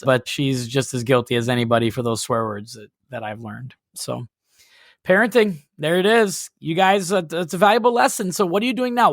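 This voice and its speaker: A man's voice: mid-range voice, fairly bright tone, no room sound, studio quality. A man hosting a casual podcast, ribbing his co-hosts with jokey banter. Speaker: podcast host.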